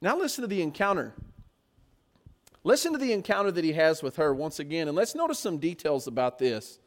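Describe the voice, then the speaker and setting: A man's voice: fairly high pitch, sing-song, a little fast. A man preaching a sermon, often putting rhetorical questions to his listeners.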